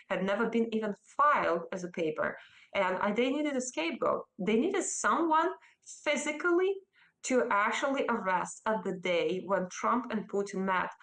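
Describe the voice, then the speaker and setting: A woman's voice: medium pitch, fairly bright tone, poor audio. Defiant Russian-accented woman. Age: 30s. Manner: emphatic, defiant, with halting restarts. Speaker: interviewee, politician. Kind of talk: remote news interview.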